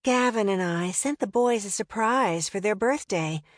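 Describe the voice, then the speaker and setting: A woman's voice: medium pitch, measured pace, no echo, clean studio sound, close to an everyday voice. A woman reading an audiobook and voicing a busy adult woman artist who asks favors politely.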